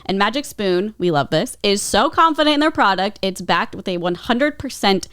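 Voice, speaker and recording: A woman's voice: medium pitch, expressive, fairly bright tone, no room sound, studio quality. Upbeat woman podcast co-host. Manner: upbeat, quick reactions, reads sponsor ads. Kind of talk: casual podcast chat and host-read ad.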